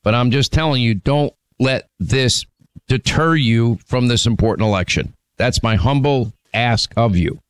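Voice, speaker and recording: A male talk radio host speaking from the studio in a smooth, clear voice with a dry, close sound. He is firm and opinionated, stumbling over restarts as he lays out his views. His pitch sits mid-range. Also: a little slow, no room sound.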